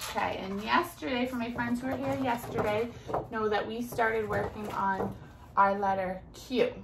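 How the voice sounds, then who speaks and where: A woman preschool teacher leading a recorded circle time for small children at home, drawing out sounds in a slow, exaggerated sing-song way. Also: a little high, gravelly.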